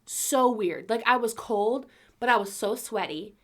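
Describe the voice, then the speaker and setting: A young woman co-hosts a podcast in loose, chatty conversation. She giggles a lot and swears offhandedly. Her voice sits a little high. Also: a little slow. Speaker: podcast co-host. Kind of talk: casual chat.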